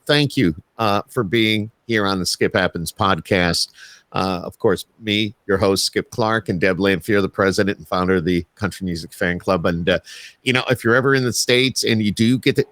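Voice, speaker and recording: A man's voice: fairly low pitch, fairly bright tone, no room sound. A man with a Syracuse accent hosting a podcast from his home studio, chatting in a jokey, rambling way. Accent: Central New York. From Central New York. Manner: jokey, rambling, laughs easily. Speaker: podcast host. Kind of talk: casual chat.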